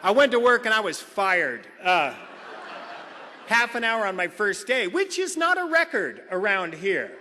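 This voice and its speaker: Middle-aged man, comic recovery share, bright forceful voice, big hall reverb. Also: sits high, measured pace, slight background noise. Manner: animated comic storyteller, acts out quotes. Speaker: recovery meeting speaker.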